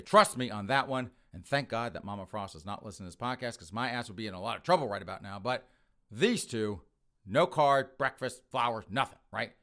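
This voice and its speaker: A man's voice: lowish voice, a bit bright. Brash man telling a comic story. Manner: brash, rambling, crude. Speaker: podcast host.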